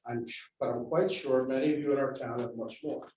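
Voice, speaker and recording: A man giving a measured public comment at a school board meeting, laying out facts and figures. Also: mid-range voice, steady tone, mellow. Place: large meeting room. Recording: very echoey room, distant mic, faint noise.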